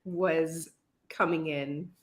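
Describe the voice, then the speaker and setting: A woman's voice: deep voice, steady tone, very slow. A woman co-hosting a casual chat, adding short remarks and thoughtful comments. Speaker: podcast co-host.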